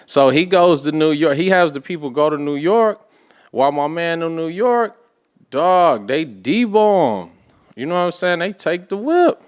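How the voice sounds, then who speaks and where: A man, a podcast guest, telling a story in a casual, animated way with profane street slang. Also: on the high side, normal speed, clean tone.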